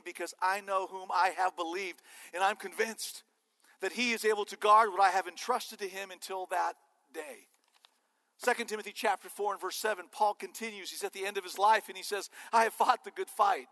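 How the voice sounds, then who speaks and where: A man preaching a sermon as pastor, animated and joking with his listeners. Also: high-pitched, fairly quick, long reverb tail. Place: church sanctuary.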